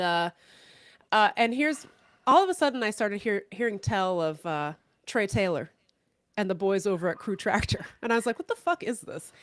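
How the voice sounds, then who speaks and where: A woman co-hosting a podcast who tells stories in animated, casual chat, laughing often and swearing casually. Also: mid-range voice, no echo. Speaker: podcast co-host.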